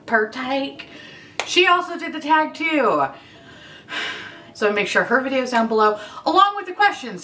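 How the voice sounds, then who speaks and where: A woman's voice: a little high, sharp tone, far from the mic. A woman talking through a casual beauty vlog at home in a put-on Minnesota accent, sarcastic, swearing freely, and poking fun at herself. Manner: sarcastic, profane, self-mocking. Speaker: beauty vlogger. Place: at home in her apartment.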